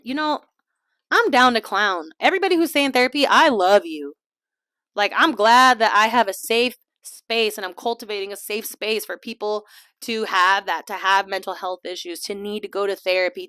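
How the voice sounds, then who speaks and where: A woman hosting a casual podcast, chatty and laughing often, slipping into quiet asides. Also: medium pitch, no room sound, studio quality. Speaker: podcast host. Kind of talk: casual chat. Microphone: small desk mic.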